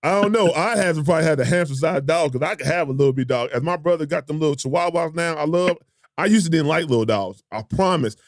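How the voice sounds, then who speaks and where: A man's voice: on the high side, fast talker, no room sound, studio quality. A man hosting a casual podcast chat, reading out would-you-rather questions in a laid-back, profane way and laughing often. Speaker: podcast host.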